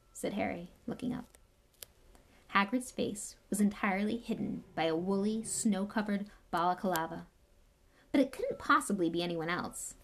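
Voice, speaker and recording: A woman narrating a storybook with a steady, even reading. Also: medium pitch. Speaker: audiobook reader.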